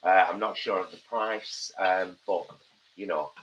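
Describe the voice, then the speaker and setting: Casting: man, fairly low voice, chatty live-stream cook, faint kitchen hum behind. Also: steady tone, a little slow, a bit bright, muffled recording. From England. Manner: chatty, playful, talks while cooking. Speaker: cooking show co-host. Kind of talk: live cooking stream chat. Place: home kitchen.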